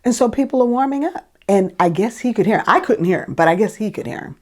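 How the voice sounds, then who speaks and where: A woman's voice: on the high side, lively intonation, quick pace. A woman singer casually telling a story about an audition, chatty with lots of fillers and restarts.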